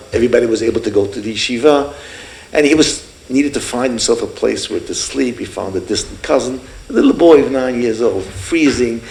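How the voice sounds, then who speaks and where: A man in his sixties telling a heartfelt story at a fundraiser, earnest and warm, often acting out the people in his story. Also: medium pitch, creaky. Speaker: speaker at a fundraiser. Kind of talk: emotional storytelling speech. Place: event hall. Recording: echoey hall with faint room noise.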